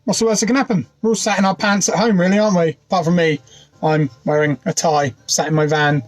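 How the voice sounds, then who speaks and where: A man's voice: a little high, fairly even intonation, quick pace, faint music behind. A man hosting a casual pub quiz livestream from inside his van, talking into his phone and greeting viewers by name. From United Kingdom. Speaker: quiz host.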